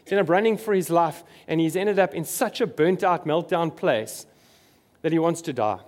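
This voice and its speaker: A man's voice: on the high side, moderate pace. A man preaching a sermon, earnest and emphatic, repeating his key phrases.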